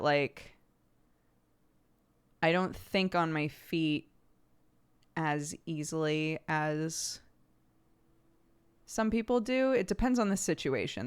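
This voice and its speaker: A woman's voice: sits low, lively intonation, slow, long pauses, clear, resonant tone. An American woman streamer in a rambling, self-reflective casual chat with her viewers, laughing often.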